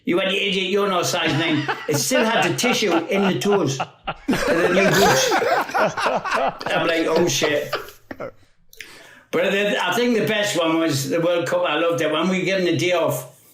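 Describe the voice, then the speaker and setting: A man's voice: sits high, unhurried, long pauses, reverberant, a loud crowd, rough recording. A Geordie man in his fifties, a guest telling rambling football anecdotes with acted quotes and frequent laughter. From North East England. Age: 50s. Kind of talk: storytelling anecdotes.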